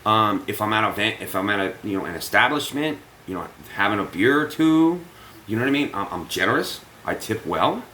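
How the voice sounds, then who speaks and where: A man's voice: on the low side, brisk, a little hiss or hum, rough recording. A man telling a story casually to his viewers, cursing freely and acting out what people said. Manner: animated, profane, acts out quotes. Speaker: vlogger.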